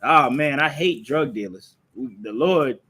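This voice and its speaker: A man's voice: mid-range voice, animated, takes it slowly, bright, forceful tone, slightly rough. Man preaching a scolding live class. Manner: rhetorical questions, repeats phrases for emphasis. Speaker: religious class teacher. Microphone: streaming live from a phone or computer.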